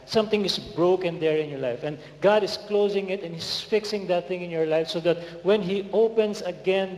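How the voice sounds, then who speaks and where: A man preaching to a congregation with energetic call-and-response, recorded in a large hall. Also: high-pitched, moderate pace, hardly any pauses. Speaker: guest preacher. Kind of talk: sermon. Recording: echoey hall with faint noise.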